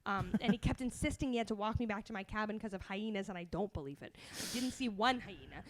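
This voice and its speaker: A woman from Canada, telling a comedic story as a podcast guest in a chatty, animated way. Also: mid-range voice, fast talker. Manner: chatty and animated, laughs often between phrases.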